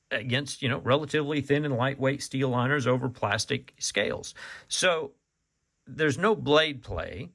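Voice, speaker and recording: Folksy gravelly man reviewing knives. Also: mid-range voice, pushed and bright. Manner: folksy, rambling, says "y'all". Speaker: knife reviewer. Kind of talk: casual product review.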